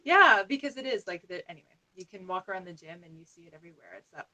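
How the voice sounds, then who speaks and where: A woman wellness coach as a podcast guest, talking in an animated way with frequent "like". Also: mid-range voice, quick pace, low-quality recording. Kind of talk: conversational podcast interview.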